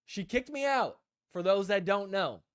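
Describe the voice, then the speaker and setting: A young adult man hosting a casual live stream, telling animated stories, acting out what people said, and laughing often. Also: high-pitched, unhurried, smooth, no echo, clean studio sound. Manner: animated storyteller, acts out quotes, laughs often. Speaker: host.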